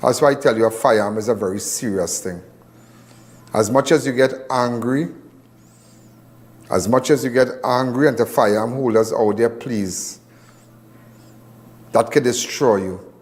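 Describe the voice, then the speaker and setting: A man's voice: mid-range voice, measured pace, pauses often, darkish tone. A man with a Trinidadian accent hosting a live crime show, talking in a loose, rambling, lecturing way.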